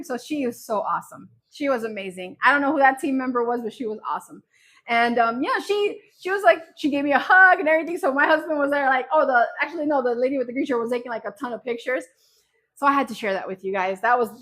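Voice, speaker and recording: Chatty, animated woman on a livestream. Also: fairly high pitch. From New Jersey. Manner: animated, rambling storyteller. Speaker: craft business host. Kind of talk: casual livestream chat.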